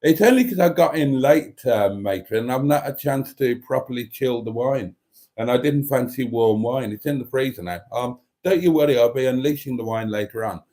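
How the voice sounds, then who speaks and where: A man's voice: medium pitch, brisk, mellow. A man hosting a casual live chat, reading out viewer comments in a camp, theatrical manner. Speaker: host of a live chat show.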